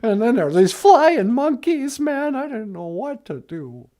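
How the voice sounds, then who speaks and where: A man's voice: very high voice, sing-song, a little slow, warm tone, exaggerated voice. Guy putting on a nervous wreck of a lion, stutters and frets, lots of "man". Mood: griping. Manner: stammering, panicky, repeats "man". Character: jittery male lion, anxious and whiny. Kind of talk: puppet comedy podcast.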